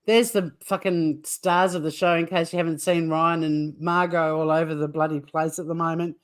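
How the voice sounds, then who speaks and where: A woman's voice: deep voice, level tone, moderate pace. A woman with an Australian accent co-hosting a casual comedic news chat, chatty and swearing freely. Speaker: co-host.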